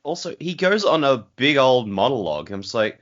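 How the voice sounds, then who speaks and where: A man's voice: medium pitch, sing-song, brisk, a bit bright, muffled recording. A man co-hosting a book podcast, reasoning through plot logic and adding dry quips. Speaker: podcast co-host. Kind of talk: casual book discussion.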